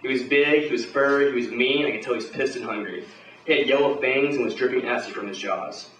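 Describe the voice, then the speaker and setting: A man's voice: medium pitch, fast, fairly bright tone, roomy sound, recorded from a distance, a little hiss or hum, rough recording. A man performing a hard-boiled pulp story live at a bar, with swaggering, profane tough-guy narration. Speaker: performer at an open reading.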